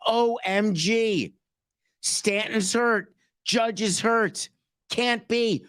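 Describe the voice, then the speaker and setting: A man's voice: a little high, normal speed, fairly bright tone, voice pushed up, close to an everyday voice. A man putting on the voice of a whiny, self-pitying male team executive, in mock disbelief. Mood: whining disbelief. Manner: exaggerated disbelief, mock whining.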